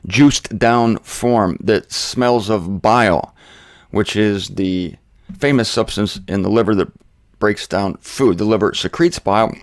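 An older man preaching a sermon, emotional and rambling, often restarting his sentences and swinging his pitch up and down. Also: slow, no echo, studio quality. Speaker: pastor.

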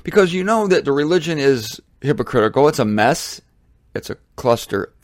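A man's voice: medium pitch, animated, moderate pace. A middle-aged American man from Ohio delivering a blunt, fervent monologue about faith as a Christian teacher, climbing to emphatic peaks. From Ohio, United States.

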